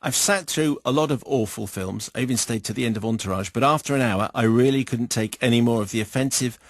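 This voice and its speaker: A man presenting a radio show, reading listener emails in a dry, measured way. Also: mid-range voice, dry recording. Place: radio studio. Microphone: studio microphone.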